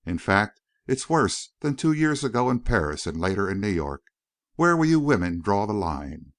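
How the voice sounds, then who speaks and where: Storybook earnest young rancher, read by a man, a bit higher than the narration, animated. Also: normal speed, no echo, clean studio sound. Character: big warm-hearted young rancher, earnest.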